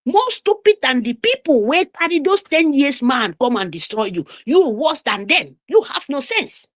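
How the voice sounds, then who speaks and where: A woman with a Nigerian accent delivers a fiery, scolding speech over a call microphone. Her voice sits fairly high and swings widely in pitch as she hammers home repeated phrases. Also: sing-song, normal speed. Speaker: speaker on an online group call. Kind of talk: impassioned political speech. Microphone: remote call microphone.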